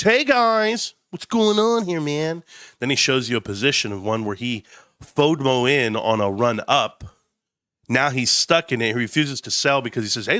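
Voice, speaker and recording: A man hosting a live stream, talking casually while sick with a sinus cold, rambling and telling animated stories. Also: medium pitch, no room sound, clean studio sound.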